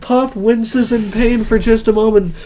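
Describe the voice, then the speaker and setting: Excitable young man reading a game. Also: high voice, measured pace. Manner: excitable, joking, animated reactions. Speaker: streamer. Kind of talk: reading a dating game aloud with reactions.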